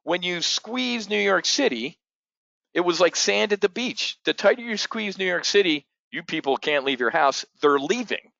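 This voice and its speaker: A man's voice: high voice, animated, moderate pace, gravelly, pushed and bright, no room sound, muffled recording. A man hosting a casual live market briefing for options traders, blunt, profane and rambling. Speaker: options trading host.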